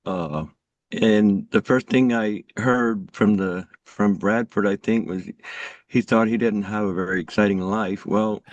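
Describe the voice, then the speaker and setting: A man raised in an Amish community introducing himself on a group call, halting and sincere, with many restarts. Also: fairly low pitch, fairly even intonation, no echo, lo-fi sound. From Amish community, USA. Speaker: truck driver and coach, participant.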